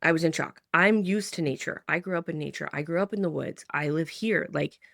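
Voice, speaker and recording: A woman's voice: deep voice, brisk, gravelly, fairly bright tone, no echo, clean studio sound. A woman in her thirties telling a personal story to camera in a chatty way, full of "like", restarts and sighs. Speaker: vlogger.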